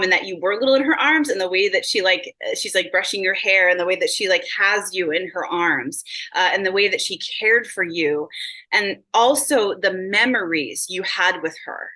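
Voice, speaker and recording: A woman's voice: mid-range voice, bright, forceful tone, poor audio. A woman working as a psychic medium in a reading session, bubbly and gushing, full of filler words.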